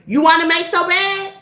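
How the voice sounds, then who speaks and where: A woman's voice: extremely high pitch, sharp tone, echoey room. A middle-aged woman hosting a casual chat to her viewers, laughing often and repeating her points in a direct, folksy way. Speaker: tarot reader and channel host.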